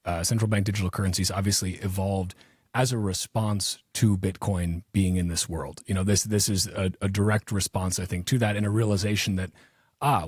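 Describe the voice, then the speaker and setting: A man's voice: lowish voice, a little mellow, breathy edge, no room sound, studio quality. A man hosting a podcast in casual conversation, talking in a sarcastic, mocking way. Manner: sarcastic, mocking quoted officials. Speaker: podcast host.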